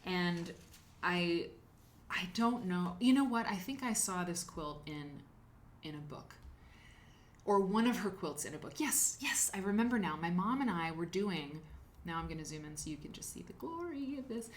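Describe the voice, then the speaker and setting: A woman's voice: on the low side, expressive, normal speed. A woman hosting a live quilting show, chatting casually and rambling while she thanks viewers by name. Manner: chatty, rambling, reads chat names aloud. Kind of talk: casual livestream chat.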